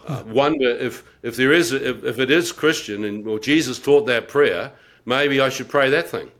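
Telling the story of how his life changed, a middle-aged man uses a mid-range, slightly bright voice at a moderate pace. As a guest recounting his conversion, he pokes fun at himself with laughter and dramatizes what he was thinking, keeping it vivid and wry.

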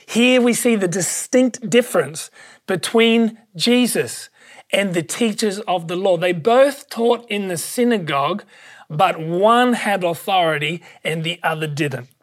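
Emphatic, excitable preacher. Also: mid-range voice, measured pace. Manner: emphatic, repeats key phrases. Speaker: pastor. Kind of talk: sermon.

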